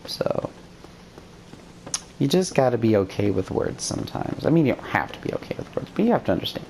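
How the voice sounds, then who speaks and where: Woman with a really deep voice, chatty rambling game commentary, noisy background hiss. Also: big pitch swings, fairly quick. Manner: rambling, self-deprecating, chatty. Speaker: game streamer. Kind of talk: let's-play commentary.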